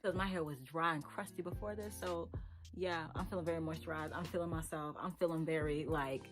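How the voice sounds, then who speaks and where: A woman's voice: medium pitch, fairly quick, over loud music. A woman hosting a casual hair product review vlog, playful and exclamatory, who repeats words for emphasis. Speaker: hair vlogger.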